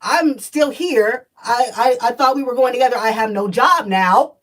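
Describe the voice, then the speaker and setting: A woman in her thirties who works as a spiritual energy reader tells her story in a casual vlog, blunt, profane and emphatic. Her voice is a little high and fairly bright, she speaks at a moderate pace, and she sounds somewhat distant from the mic.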